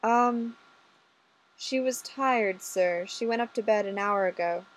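A woman reading a soft-spoken polite constable. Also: medium pitch, slow, natural voice, rough recording. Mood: evasive. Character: polite, earnest male constable.

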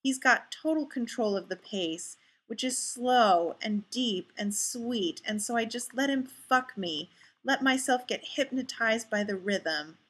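A woman narrating a first-person story aloud, intimate and measured. Her voice is bright and a little high. She reads with steady expression. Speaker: story reader.

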